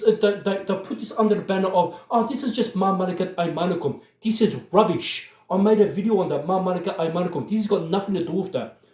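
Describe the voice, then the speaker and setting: A man's voice: sits high, warm tone, roomy sound. A man giving impassioned religious commentary, emphatic and worked up, often turning to address his listeners directly.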